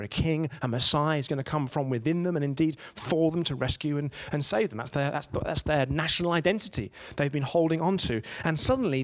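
A man preaches in an easy, conversational way, mixing personal stories with rhetorical questions to his listeners. His voice sits a touch higher than most men's. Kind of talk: sermon.

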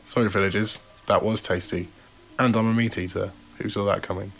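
A man voicing a sly, hungry male fox in a soft, low-key voice. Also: steady tone, fairly quick. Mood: smug.

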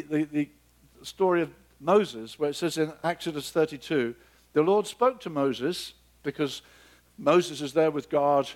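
A man preaching a sermon, acting out biblical dialogue with sudden leaps in pitch and dropping to a soft, low murmur for emphasis.

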